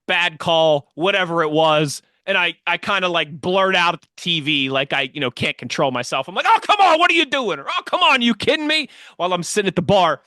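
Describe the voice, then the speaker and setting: A man co-hosting a casual sports podcast, telling lively stories and mimicking the people in them. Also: high-pitched, smooth, dry recording, clean studio sound. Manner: animated storyteller, mimics others' voices. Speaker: podcast co-host.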